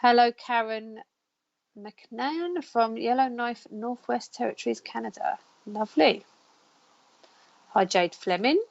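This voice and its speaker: A woman's voice: fairly high pitch, slow pace, gravelly, pauses often, lo-fi sound. A woman hosting a live psychic counselling stream, chatting and greeting her viewers by name. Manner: chatty, warm greetings, reads out viewer names.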